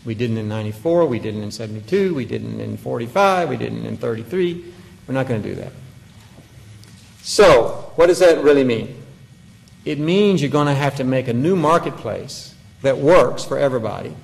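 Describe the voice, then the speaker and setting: A man's voice: medium pitch, animated, normal speed, gravelly, big-room sound. A man speaking as a conference panelist, giving a policy talk with emphatic points and wry, joking asides. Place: conference hall.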